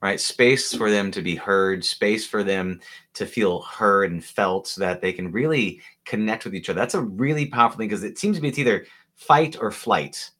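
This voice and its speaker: A man's voice: fairly low pitch, moderate pace, a bit bright. A man hosting a podcast interview, reflecting on what his guest said and building up to a question. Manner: reflective, restarts thoughts while framing questions. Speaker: podcast host. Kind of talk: conversational interview.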